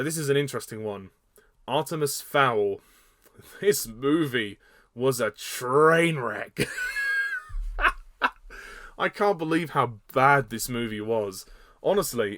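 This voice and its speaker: A man's voice: medium pitch, a bit bright, no echo, clean studio sound. A man giving a casual spoken film review, blunt and hesitant, with many fillers and repeated words. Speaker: movie reviewer.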